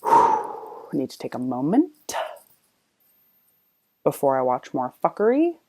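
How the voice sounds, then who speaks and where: A woman's voice: very deep voice, wildly swooping pitch, measured pace, a little mellow. A woman commenting on clips in a blunt, exasperated rant, swearing freely. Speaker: reaction commentator. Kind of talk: ranting reaction commentary.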